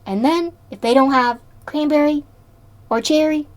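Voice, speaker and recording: Woman streamer, casual and playful, talks straight to chat, voice sits a bit high. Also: moderate pace. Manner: chatty and playful, answers chat, laughs often. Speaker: live streamer.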